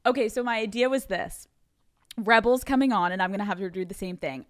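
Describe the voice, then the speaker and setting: A woman in her thirties hosting a podcast interview, enthusiastic and casually profane. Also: medium pitch. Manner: enthusiastic, swears casually, quick reactions. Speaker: podcast host.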